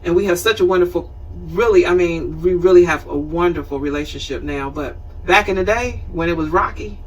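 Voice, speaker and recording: Host, woman, 50s: husky, lively storyteller, recorded a little way off the mic. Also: lowish voice, fairly quick, far from the mic, highs cut off. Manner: animated, conversational, acts out scenes. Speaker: show host. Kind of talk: storytelling talk show monologue.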